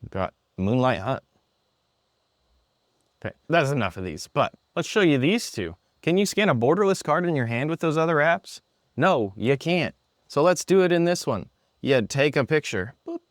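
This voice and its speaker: A man presenting an app in a product demo, talking excitedly and a bit sarcastically in an indoor room. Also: on the high side, moderate pace, dry recording, studio quality.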